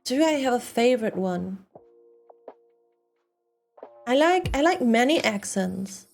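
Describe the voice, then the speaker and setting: A woman's voice: fairly high pitch, big pitch swings, slow pace, creaky, darkish tone, soft background music. Chatty non-native woman streamer. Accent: non-native English speaker. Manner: chatty, rambling, laughs often. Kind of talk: casual chat while model building.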